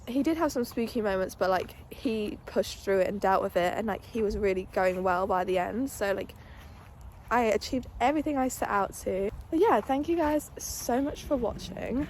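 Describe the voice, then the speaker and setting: A woman's voice: mid-range voice, normal speed, darkish tone, slight background noise. A young woman, chatting casually in a vlog about her horse and talking fondly to him. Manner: chatty, fond baby-talk to her horse. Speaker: equestrian vlogger.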